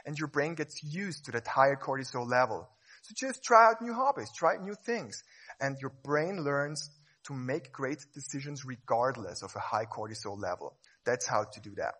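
Husky, playful man giving a stage talk. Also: medium pitch. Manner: lively, playful, acts out examples. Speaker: speaker.

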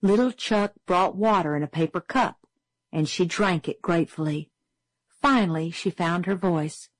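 A woman's voice: on the low side, normal speed, no room sound, rough recording. Woman narrating a story, dry close sound. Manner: steady, clear, storytelling. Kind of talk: scripted audiobook narration.

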